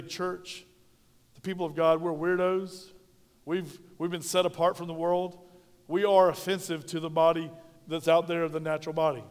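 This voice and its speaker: A man's voice: sits high, clean tone. A pastor preaching a sermon in a folksy, direct way, talking to his congregation. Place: church sanctuary. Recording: reverberant church hall.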